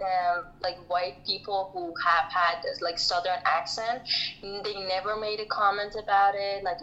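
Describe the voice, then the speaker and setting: A woman guest on a podcast, telling stories in a lively, blunt way and acting out what others said. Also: medium pitch, dull audio. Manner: animated, acts out quotes, blunt. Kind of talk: casual storytelling in an interview.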